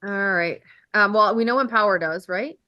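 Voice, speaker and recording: A woman hosting a live health stream in a loose, rambling way, quick to laugh at herself and let a swear slip. Her voice sits at an ordinary middle pitch for a woman. The sound is dry and close, with no room around it. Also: bright, forceful tone, no echo, muffled recording. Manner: chatty, self-deprecating, swears casually. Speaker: host of a telehealth livestream. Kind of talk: casual livestream chat.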